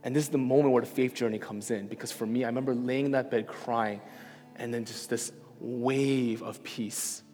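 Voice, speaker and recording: A man's voice: medium pitch, steady tone, normal speed. Man preaching in a reverberant hall. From New York. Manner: conversational, self-deprecating storytelling with frequent "right?". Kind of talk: sermon. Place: church hall. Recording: reverberant hall with soft music.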